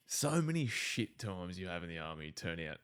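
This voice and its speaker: A man hosts a casual podcast conversation. His voice sits fairly low, and he takes an easygoing, agreeable tone as he chimes in on his guest's stories. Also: very animated, moderate pace, fairly bright tone, clean tone. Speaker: podcast host. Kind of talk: casual chat.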